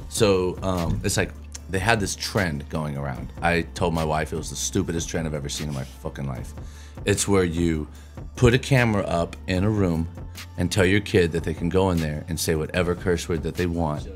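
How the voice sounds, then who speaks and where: A man in his thirties chats casually on a podcast, blunt and full of swearing. His voice sits low. Faint music plays behind him. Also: brisk. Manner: blunt, profane, animated storytelling. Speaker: podcast co-host.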